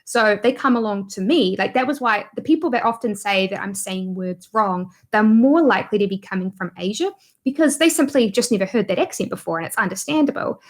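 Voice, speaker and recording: A woman's voice: medium pitch, brisk. A woman with a New Zealand accent, a guest YouTuber chatting casually in an interview, laughing often and using lots of fillers.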